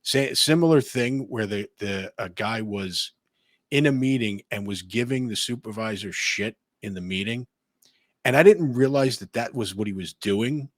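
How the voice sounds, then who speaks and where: A man's voice: fairly low pitch, moderate pace, no room sound, clean studio sound. A man co-hosting a casual podcast chat, telling rambling, profane work stories and laughing through them. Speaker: podcast co-host.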